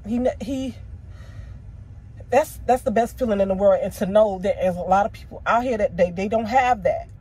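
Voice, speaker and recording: A woman with a husky, slightly breathy voice tells a personal story straight to camera. She talks in a loose, candid way and calls her viewers "y'all." Her emotions sit close to the surface. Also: medium pitch, normal speed, dark tone. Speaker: vlogger.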